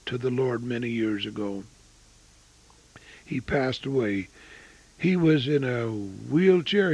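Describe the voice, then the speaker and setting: An older man preaching an evangelistic sermon and telling his own testimony, swinging between booming and hushed. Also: vocal fry, dry recording, rough recording.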